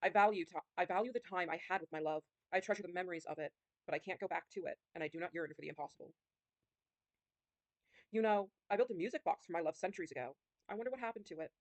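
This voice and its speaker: A woman reading a calm, detached ancient male phantom living in the sewers, in a measured, unbothered way. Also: fairly low pitch, no room sound, natural voice.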